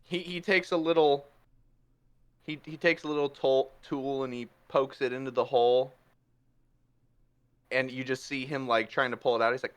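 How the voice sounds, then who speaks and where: A man narrating a tabletop game as game master, telling the action in a playful, animated way. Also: medium pitch, moderate pace, long pauses, smooth.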